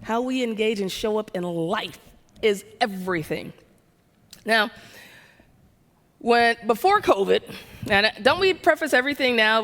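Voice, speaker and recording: Energetic woman keynote speaker. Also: mid-range voice. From American South. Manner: energetic, conversational, keeps asking the audience questions. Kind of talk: motivational keynote speech. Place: large event hall. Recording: long hall reverb.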